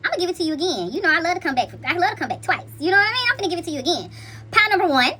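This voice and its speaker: A high, bright-voiced woman hosts a casual tarot reading and chats to her viewers in a playful, slangy way. Her pitch swings up and down with lots of life. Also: animated, very fast, a little hiss or hum. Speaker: intuitive card reader.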